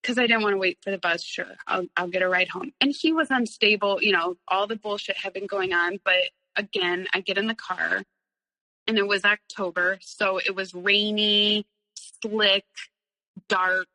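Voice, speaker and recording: Woman, 30s, interview guest; bright, rambling storyteller with nervous laughs, reverberant room. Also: medium pitch, steady tone, moderate pace. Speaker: guest telling her story. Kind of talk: candid personal storytelling.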